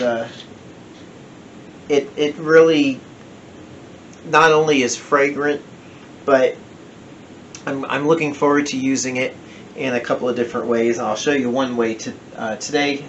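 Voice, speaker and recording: A man's voice: medium pitch, muffled recording, slight background noise. A man with a New Jersey accent chatting casually through a home whiskey review, rambling and correcting himself as he goes. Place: home den.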